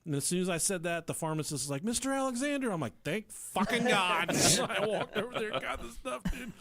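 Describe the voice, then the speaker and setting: A young man telling a story on a podcast, profane and animated, laughing through it. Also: high voice, fast talker, vocal fry. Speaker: podcast co-host.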